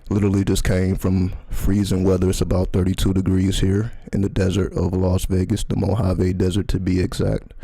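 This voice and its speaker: Low gravelly guy on a livestream, mellow dark tone, loose casual talk. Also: completely flat delivery, no echo. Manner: loose, profane, drops into slow soft ASMR-like delivery. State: mouth burning from spicy candy, runny nose. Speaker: livestream host, numerology speaker. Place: outdoors in cold desert air. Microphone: handheld or clip mic, adjusting filter.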